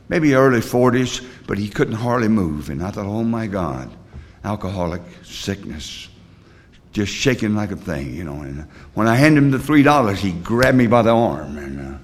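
Older man, low voice, rambling story. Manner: rambling storytelling with many fillers and restarts; plain, blunt working-class talk. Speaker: recovery meeting speaker. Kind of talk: personal recovery story, told to a group.

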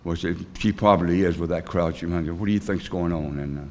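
An older man giving a personal recovery testimony at a meeting, telling his story in a rambling, earnest, plain-spoken way with folksy grammar and frequent pauses. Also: low-pitched, darkish tone.

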